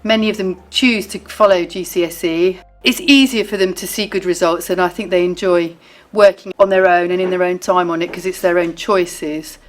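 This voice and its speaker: A female art teacher describing her lessons calmly. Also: on the low side, normal speed, faint music behind. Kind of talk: interview about teaching.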